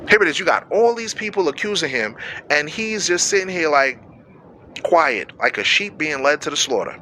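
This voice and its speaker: A male radio preacher reads scripture, then breaks it down in loose, everyday slang, acting out the people in the story. His voice sits a little high and comes across bright and forceful. A faint hiss runs under the recording. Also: lively intonation, moderate pace. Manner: conversational, acts out quoted voices, slangy asides to listeners. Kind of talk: sermon with scripture reading.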